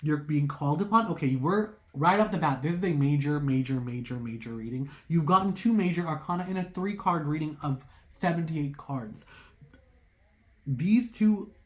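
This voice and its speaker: In a laid-back reading aimed right at viewers, the tarot reader talks at a moderate pace in a middle-range voice. She's excitable and rambling, her mind racing, with heavy use of "like" and frequent apologetic asides.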